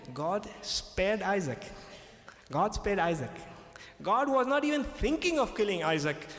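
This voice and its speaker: A man preaches a sermon in a fairly high voice, repeating his key lines for emphasis and pausing to check that his listeners follow. His voice rings around an echoey hall with a long, lingering reverb. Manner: emphatic, repetitive, checks in with "okay?".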